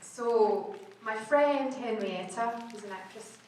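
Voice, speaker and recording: A woman's voice: fairly high pitch, slow, a little mellow, a little hiss or hum. Scottish woman, convention panel guest, chatty and laughing, caught far off by an audience camera in a big echoing hall. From Scotland. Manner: chatty, laughing, restarts her sentences often. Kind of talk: casual panel answers to fans. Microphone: camera in the audience, far from the stage. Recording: echoey hall recorded from far off.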